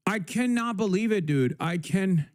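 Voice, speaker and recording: Angry high-voiced guy ranting on stream, lots of cursing. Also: animated, unhurried, darkish tone. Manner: angry, profane, emphatic. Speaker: live streamer.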